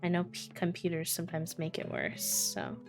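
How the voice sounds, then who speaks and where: A woman's voice: low-pitched, normal speed, music in the background. A young woman casually chatting to her live-stream audience while playing a farming game. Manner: relaxed, chatty, talks to chat between tasks.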